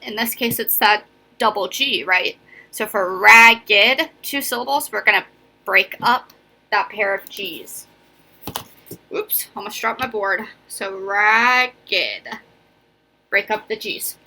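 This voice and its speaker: A woman's voice: mid-range voice, pushed and bright. A young woman teaching a casual video phonics lesson, chatty and encouraging, often checking in with "right?" and "okay?". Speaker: elementary school teacher.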